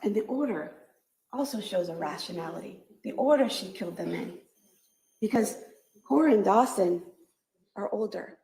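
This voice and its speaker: A woman prosecutor delivers a closing argument, her voice carrying a gravelly edge. She speaks in a measured, emphatic way and hammers her points home with repeated phrases. The courtroom audio is echoey. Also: medium pitch, animated, warm tone.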